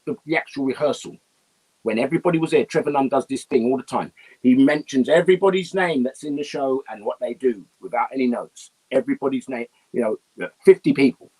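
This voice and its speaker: A man telling animated anecdotes as an interview guest, often laughing and breaking into song. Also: medium pitch, slightly rough.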